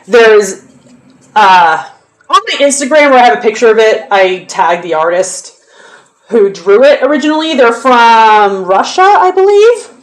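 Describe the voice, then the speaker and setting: A woman's voice: on the high side, lively intonation, measured pace. A young woman chatting casually on a live stream, answering viewers' questions in a loose, talkative way. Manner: chatty, answers chat, counts reps under her breath.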